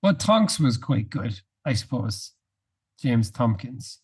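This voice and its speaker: A man with a mellow, slightly husky voice chats on a podcast and quizzes his co-host. His delivery is measured, with a dry, wry tone. The voice has a soft, dark color. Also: medium pitch, sing-song. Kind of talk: casual podcast chat.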